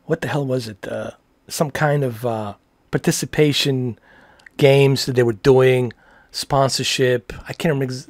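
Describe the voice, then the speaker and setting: A man in his forties chats loosely on a livestream, rambling and friendly with casual slang. His voice sits at a middle pitch. The sound is dry and close, with no room echo. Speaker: livestream host answering TV questions.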